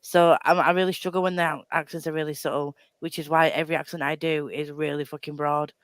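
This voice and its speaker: Woman, casual book chatter, tangents and restarts, smooth voice, dry mic. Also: deep voice, flat delivery, quick pace, dry recording. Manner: rambling, self-deprecating, frequent laughs and restarts. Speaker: book club co-host.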